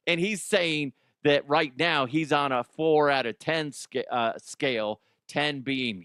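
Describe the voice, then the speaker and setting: A man's voice: a little high, takes it slowly, fairly bright tone, no echo, studio quality. A man hosting comedic news commentary, rambling, jokey and profane. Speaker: host.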